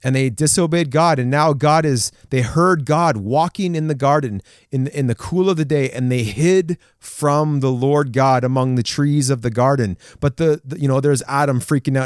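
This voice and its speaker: Brief: lively young male preacher, slightly high voice, dry close sound, acts out stories. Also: normal speed, few pauses, no echo. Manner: animated, acts out scripture figures, chuckles. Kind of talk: casual sermon.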